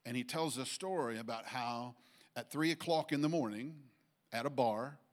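A pastor giving a sermon in church, halting with frequent restarts and then rising to emphatic points. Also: male voice, medium pitch.

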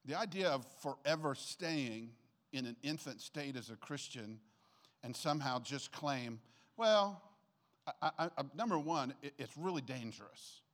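An older man preaching a sermon to a church congregation in a conversational, animated way, often checking in with his listeners. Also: medium pitch, measured pace. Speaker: pastor.

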